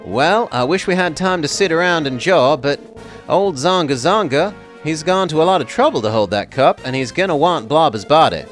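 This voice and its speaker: A man's voice: fairly high pitch, lively intonation, normal speed, soft background music, natural voice. Folksy texan cowboy, drawly and down-home, old park owner from a handheld video game, guy doing the accent. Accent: put-on Texan.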